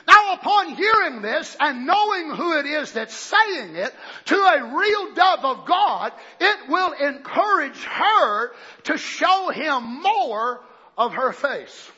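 A male preacher delivers a fervent sermon, often shouting and breaking into cries of praise. His voice is very high and bright. The sermon recording sounds dull and lo-fi. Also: big pitch swings, slow.

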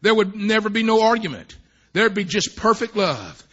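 A man preaching a sermon at a church service, telling folksy, rambling stories that swell into fervent shouts. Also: high voice, big pitch swings, normal speed. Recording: dull lo-fi recording.

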